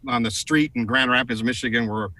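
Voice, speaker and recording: A man's voice: mid-range voice, fairly quick, dry recording. A middle-aged American man, a guest on a TV talk show, telling a story animatedly and putting on voices for the people he quotes. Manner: animated, raises voice for quoted lines. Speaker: guest, advertising executive. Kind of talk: storytelling in a TV interview.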